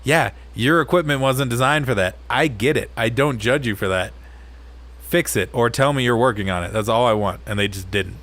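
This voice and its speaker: A man co-hosting a casual podcast, ranting in an animated way and swearing a lot. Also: mid-range voice, moderate pace. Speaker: podcast co-host.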